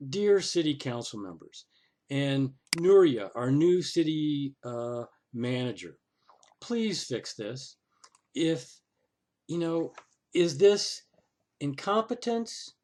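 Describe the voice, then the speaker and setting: Here a man with a fairly high voice and a darkish tone talks through a screen recording. Thinking aloud, he keeps saying "oh" and "okay" while griping to the city council in a sarcastic, exasperated way.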